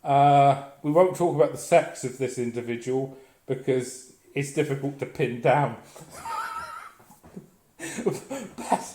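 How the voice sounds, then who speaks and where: A man's voice: mid-range voice, expressive, slow, pauses often, dark tone. A man delivering a blunt, profane, sardonic comic rant as a vlogger. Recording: echoey room.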